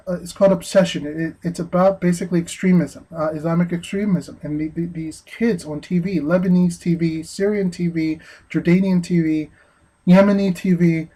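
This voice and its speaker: A man giving an earnest opinion monologue, speaking haltingly with frequent restarts. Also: high voice, warm tone, low-quality recording. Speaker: vlogger.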